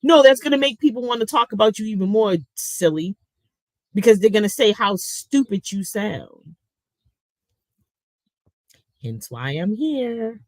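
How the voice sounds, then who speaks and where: Woman, middle-aged, livestream host; slow, blunt, sarcastic, cusses a lot, dry close sound. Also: mid-range voice, very animated, a little mellow, no echo, rough recording. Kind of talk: casual livestream commentary, reading chat.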